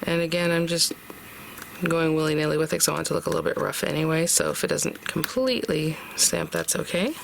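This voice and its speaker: Craft tutorial host, casual step-by-step talk, thinks aloud, very gravelly fry, steady background noise. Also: medium pitch, quick pace. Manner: chatty, thinks aloud while working.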